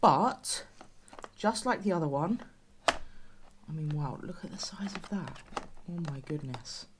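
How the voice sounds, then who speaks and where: A woman's voice: sits low, expressive, slow, noisy background. A British woman casually reviewing rations on her channel, chatty and exclaiming over the food, sometimes dropping to a near-whisper.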